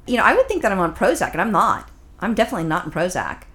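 A woman's voice: medium pitch, sing-song, racing, fairly bright tone. A woman co-hosting a podcast in casual chat, blunt and profane, full of wisecracks. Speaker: podcast co-host.

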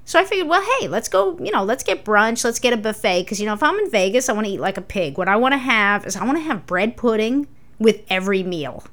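A woman co-hosting a podcast, telling stories in casual chat, animated and swearing freely. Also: mid-range voice, quick pace. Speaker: podcast co-host.

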